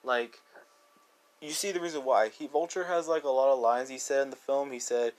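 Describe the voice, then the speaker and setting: A man's voice: mid-range voice, steady tone, normal speed. A man giving a casual, rambling movie review as a YouTuber, full of "like" and "dude" and eager restarts.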